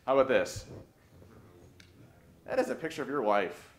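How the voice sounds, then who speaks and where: A man giving a conference talk on social engineering, animated and joking, often restarting his sentences. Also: medium pitch, moderate pace, pauses often. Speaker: conference speaker. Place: conference hall. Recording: roomy hall with faint ambience.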